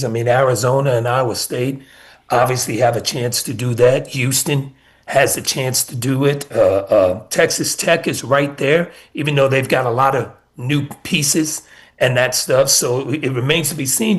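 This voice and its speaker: Storytelling basketball coach, middle-aged man. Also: medium pitch. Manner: storytelling, repeats words. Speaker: college basketball coach, guest. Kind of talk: casual radio interview.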